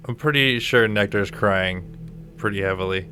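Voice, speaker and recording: Low-voiced man playing a tabletop game. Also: moderate pace, soft background music. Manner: relaxed and hesitant, with fillers. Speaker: player. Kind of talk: casual tabletop play.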